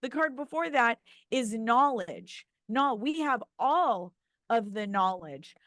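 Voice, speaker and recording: A woman co-hosting a podcast in casual chat, excited and emphatic, swearing freely. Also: on the high side, takes it slowly, dry recording. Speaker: podcast co-host.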